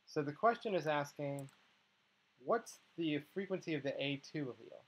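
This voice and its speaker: A man's voice: a little high, animated, normal speed, slightly rough, low-quality recording. A man teaching a biology tutorial, patiently working through problems step by step and often checking in with the listener. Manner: patient, explains step by step, checks in with "okay" and "right". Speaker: biology instructor. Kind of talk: tutorial walkthrough.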